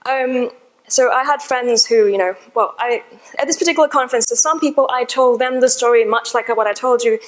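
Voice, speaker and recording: A woman with a high, light voice speaks to a seated audience. She tells her story in a chatty, informal way, as if talking with friends, while still giving a talk from the front of the room. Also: fairly quick, rough recording. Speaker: conference speaker.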